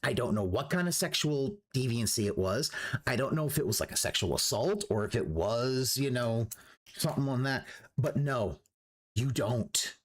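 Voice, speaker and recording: Man, livestream reaction, profane ranting, very lively pitch, restarts sentences. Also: moderate pace. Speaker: streamer.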